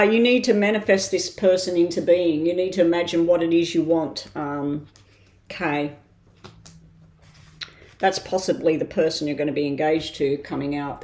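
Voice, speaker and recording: A woman giving a live-stream tarot reading in a casual way, thinking aloud with frequent ums and pauses. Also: on the low side, a little mellow. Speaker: tarot reader. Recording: roomy echo.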